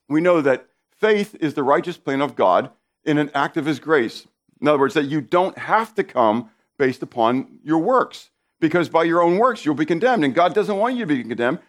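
A man preaching a sermon, stressing key words by repeating them and speaking directly to his listeners. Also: a little high.

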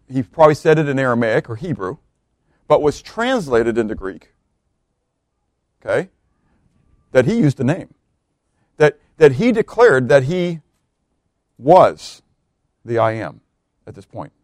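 A man preaching a verse-by-verse sermon, reading scripture aloud, swelling on key words and dropping low, often asking his listeners questions. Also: very animated, unhurried, long pauses, a little mellow, no echo. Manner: emphatic, swells on key words then drops low, asks the congregation questions. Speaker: pastor.

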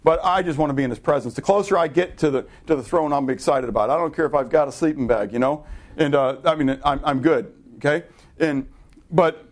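A middle-aged man preaching a sermon, animated and conversational, asking the congregation to answer and correcting himself in loose asides. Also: fairly high pitch, a little fast. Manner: animated preaching with audience call-and-response. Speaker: pastor.

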